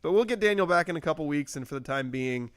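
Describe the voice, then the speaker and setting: A man's voice: fairly high pitch, lively intonation, fast, clean tone, no echo. A man hosting a casual sports podcast, joking and rambling, with frequent laughs. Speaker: podcast host.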